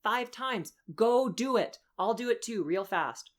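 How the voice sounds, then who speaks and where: A young woman voice coach leading a lesson, upbeat and encouraging as she walks through breathing and vocal warm-ups. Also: on the high side, animated, a little slow. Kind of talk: instructional voice lesson.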